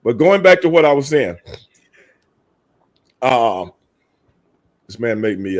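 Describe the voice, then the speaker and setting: A man's voice: medium pitch, big pitch swings, slow pace, long pauses. Emphatic, profane man on a podcast. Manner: emphatic, profane, repeats points. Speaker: podcast co-host. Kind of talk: casual podcast debate.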